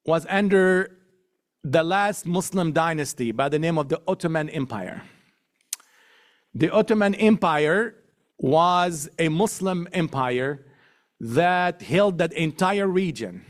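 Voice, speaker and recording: A middle-aged man giving a public talk to an audience, emphatic, building points through repetition and lists, slowing down to stress key words. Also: on the high side. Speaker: guest speaker.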